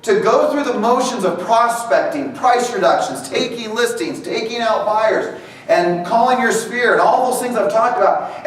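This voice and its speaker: A man giving an energetic motivational talk to a real estate team, animated and acting out quoted voices. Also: extremely high pitch. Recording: echoey hall, voice from far off, faint noise.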